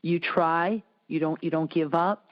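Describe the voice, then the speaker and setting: A woman hosting an interview show, telling a lively story and acting out the voices in it. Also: unhurried, dull audio. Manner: animated storyteller, acts out quotes with big pitch jumps. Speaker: host. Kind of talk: casual conversational interview.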